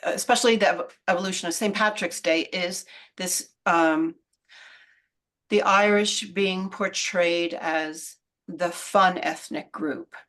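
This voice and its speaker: A woman author talking through her research in a relaxed video-call interview, thoughtful and explanatory, often trailing off mid-sentence. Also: fairly low pitch, slow. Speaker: author and guest.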